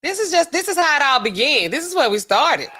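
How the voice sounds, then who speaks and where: A woman pharmacist hosting a casual livestream and talking to her chat in an animated, chatty way full of fillers. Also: high-pitched, fairly quick, background noise.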